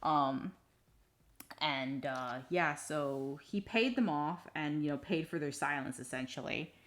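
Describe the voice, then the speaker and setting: A woman's voice: sits low, takes it slowly, a bit bright. A woman streamer casually recounting a tabletop game session, rambling with many fillers and some swearing. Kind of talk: casual storytelling on a live stream.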